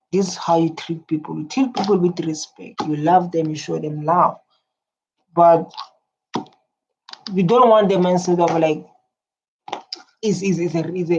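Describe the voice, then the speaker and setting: A woman's voice: lowish voice, mellow. Earnest woman reacting. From South Africa. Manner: earnest, repeats herself, hums along while listening. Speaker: reaction video host. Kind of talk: emotional reaction commentary. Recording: dull lo-fi audio with faint noise.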